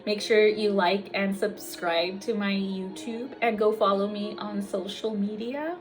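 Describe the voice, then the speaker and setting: Woman nurse from the US, venting straight to camera, foul-mouthed, teary, soft music behind. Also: medium pitch, steady tone, measured pace. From United States. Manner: emotional, profane, blunt. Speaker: registered nurse and vlogger. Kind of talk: raw personal vlog monologue.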